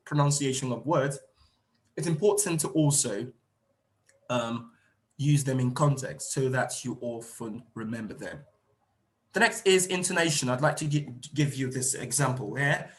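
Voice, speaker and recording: A man's voice: on the high side, a bit bright. A man giving an emphatic online seminar lecture to teachers, repeating key phrases and acting out example lines. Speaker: teacher trainer. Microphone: video call.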